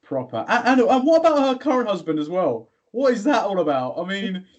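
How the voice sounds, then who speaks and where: A man's voice: high-pitched, very animated, brisk, muffled recording. A man hosting a podcast in casual chat, musing aloud, repeating himself and putting questions to his co-host.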